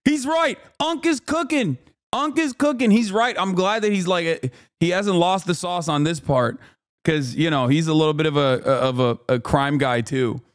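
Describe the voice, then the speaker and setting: 30s guy streamer reacting to a clip, keeps swearing, kinda high voice, super incredulous. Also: moderate pace. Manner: emphatic, incredulous, heavy swearing.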